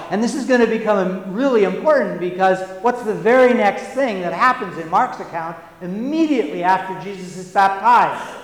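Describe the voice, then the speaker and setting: A male preacher giving a sermon in a church, speaking slowly and deliberately, with emphatic repetitions and conversational asides to the congregation. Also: high voice. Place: church sanctuary. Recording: roomy church with long reverb.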